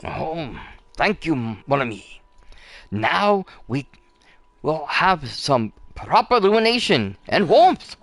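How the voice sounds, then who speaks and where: A man's voice: a little high, very animated, takes it slowly, a bit bright, dry recording, exaggerated voice. Man putting on a mock French candlestick servant. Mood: gracious.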